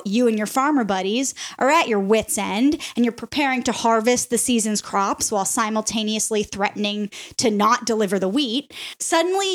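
Brief: podcast host, woman, casual storyteller, bright-ish higher pitch, playful. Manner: animated, laughs often, playful asides to co-hosts.

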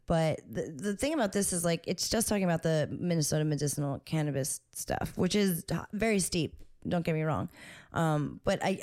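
Woman, podcast co-host, casual chat, frank and slangy, repeats herself for emphasis, lowish voice. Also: darkish tone. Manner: candid and slangy, with emphatic repetition.

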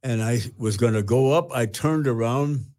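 A man's voice: medium pitch, darkish tone. Older man telling his testimony. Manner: earnest, with halting restarts. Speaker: retired pastor. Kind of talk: personal testimony storytelling.

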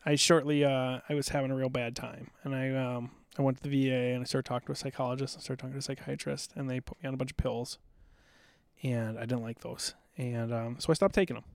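A man's voice: medium pitch, level tone, fast talker, clean tone, dry recording, clean studio sound. A middle-aged man from South Dakota, a podcast guest telling stories in an intense, amped-up, blunt and profane way. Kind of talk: casual storytelling.

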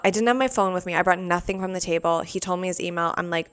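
A woman telling a personal story in a casual, animated way, full of "like" fillers, as a podcast host. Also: lowish voice, fast, smooth.

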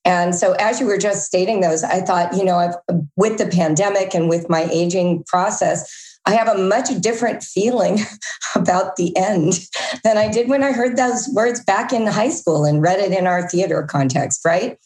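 A woman in her fifties hosting an interview, enthusiastic and warm-hearted. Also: mid-range voice, moderate pace, roomy sound. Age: 50s. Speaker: host. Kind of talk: conversational interview.

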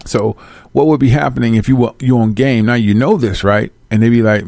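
A man giving casual, profane life advice to his viewers, acting out both sides of phone calls in slangy, animated bits. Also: mid-range voice, fairly quick, creaky, no echo. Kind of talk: casual direct-to-camera rant.

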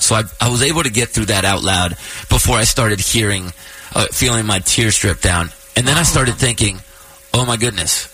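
A man in his thirties with a bright, slightly husky voice tells a personal story on air as host. He talks casually, choking up and laughing through tears. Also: lowish voice, poor audio.

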